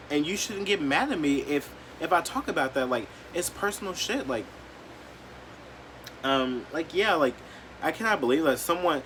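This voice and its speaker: A man vlogging an emotional rant to camera, blunt and profane, leaning on "like" and swinging between quiet, hurt lows and loud, defiant outbursts. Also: slight background noise. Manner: blunt, profane and heated, heavy use of "like".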